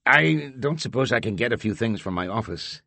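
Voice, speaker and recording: A man's voice: medium pitch, lively intonation, moderate pace, gravelly, sharp tone, no echo, heavily acted. A man voicing a restrained, angry male official who speaks with dry sarcasm. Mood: bitter. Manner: tightly controlled anger, sarcastic.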